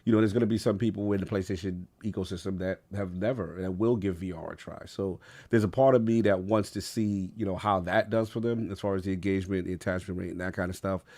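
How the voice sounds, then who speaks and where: Low-voiced man, measured podcast talk. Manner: measured, even-handed, laughs often. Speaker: podcast co-host. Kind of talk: casual gaming podcast discussion.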